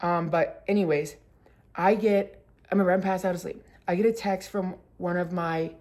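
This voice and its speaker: A woman's voice: steady tone, normal speed, a little mellow. Chatty young woman telling a story. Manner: filler-heavy with constant "like", bursts into laughter; acts out quotes with sudden high squeals. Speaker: vlogger. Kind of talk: casual storytime chat.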